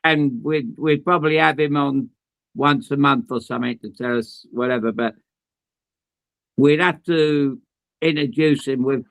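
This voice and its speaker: A man's voice: medium pitch, unhurried, creaky, a bit bright, no echo. A man hosting a podcast, chatting casually and asking prompting questions. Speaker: podcast host. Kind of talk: casual chat.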